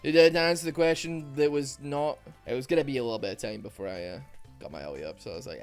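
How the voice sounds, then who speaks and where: A man giving rambling, self-mocking commentary over a video game, with quick asides. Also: medium pitch, clear, resonant tone, soft background music. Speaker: gaming YouTuber. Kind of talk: joking gameplay commentary.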